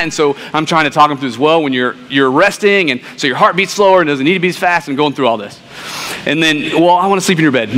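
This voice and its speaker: A man's voice: a little high, animated, fast, a bit bright. A man, a pastor, preaching a sermon in a conversational storytelling way, often asking "right?". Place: church sanctuary. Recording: long reverb in a church hall, faint hum.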